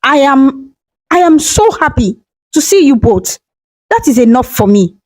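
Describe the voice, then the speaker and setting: A woman voicing a dying old mother who speaks softly and forgives her children. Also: high-pitched, very animated, unhurried, poor audio. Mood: tender. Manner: soft, whispery.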